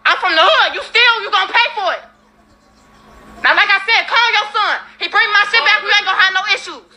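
A woman with a very high, piercing voice fires off rapid, furious threats, cursing and repeating herself. She films on a handheld phone inside a house. Her words come fast and sharp. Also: slight background noise. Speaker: woman confronting a neighbor over theft. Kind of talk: heated confrontation filmed on a phone.

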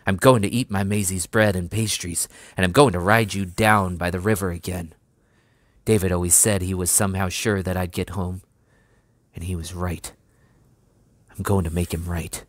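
A man voicing a gentle young farm lad turned soldier, who speaks softly and fondly as if to his horse. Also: deep voice, steady tone, normal speed, no echo, close to an everyday voice. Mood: determined.

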